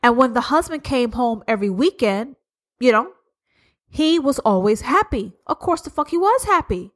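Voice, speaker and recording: A woman with a fairly high voice hosts her own podcast, talking straight to listeners. She is blunt and sarcastic and swears freely, hammering her points home with rhetorical questions. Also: big pitch swings, moderate pace, fairly bright tone. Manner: blunt, profane, sarcastic, emphatic. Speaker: podcast host. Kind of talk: solo podcast monologue.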